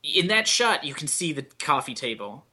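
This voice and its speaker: A man with a bright, forward voice riffs on a bad movie, trading sarcastic jokes with his co-hosts. His podcast chat is loose and profane. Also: a little high, very animated, moderate pace, husky. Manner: sarcastic, wisecracking, swears freely. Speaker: podcast co-host.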